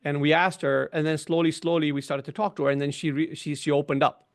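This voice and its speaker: Webinar guest, middle-aged male, a bit high-pitched, explanatory, leans on "right?" and "you know". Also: level tone, fast talker, gravelly. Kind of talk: conversational webinar discussion.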